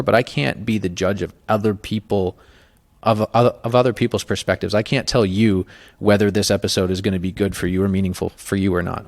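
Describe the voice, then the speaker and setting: A man's voice: on the low side, gravelly. A man hosting a podcast, talking candidly and emotionally in a casual chat, swearing freely. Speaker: podcast host.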